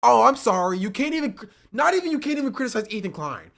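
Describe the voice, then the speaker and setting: A man's voice: very high voice, animated, fast talker, vocal fry, fairly bright tone. A man streaming, reacting in disbelief and repeating the same phrases over and over. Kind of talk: livestream reaction commentary.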